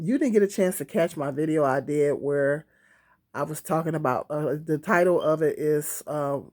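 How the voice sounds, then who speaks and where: A woman with a low, slightly mellow voice chats casually to a camera set on a tripod. She's a vlogger who rambles, filling her talk with fillers and restarts. The recording comes from a phone or camera on that tripod.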